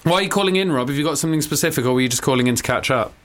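A man's voice: fairly high pitch, very fast. A man hosting a comic radio show, teasing a caller in a dry way and laughing often.

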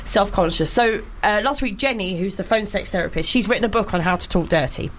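A woman's voice: mid-range voice, brisk, a little hiss or hum. A woman co-hosting a comic radio show, giggly and self-deprecating as she sets up a story. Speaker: radio co-host.

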